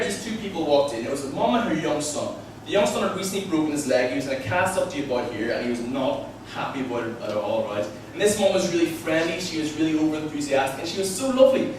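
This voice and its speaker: Quick, eager young Belfast comedian. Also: male voice, sits high, slight background noise. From Northern Ireland. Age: young adult. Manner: quick and enthusiastic. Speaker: student stand-up comedian. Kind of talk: stand-up comedy set. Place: comedy club stage. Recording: echoey venue, heard from a distance.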